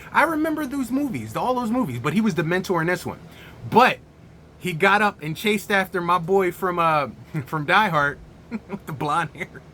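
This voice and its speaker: Male movie reviewer, high voice, bright tone, excitable and slangy, faint background hum. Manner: excited, laughing fits, slangy. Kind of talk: casual video review.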